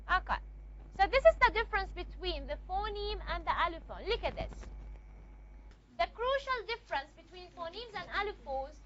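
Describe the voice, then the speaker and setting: Woman teacher lecturing, bright tense voice, keeps asking the class questions, muffled lo-fi sound. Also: very high-pitched. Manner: explains step by step, often checking with the class.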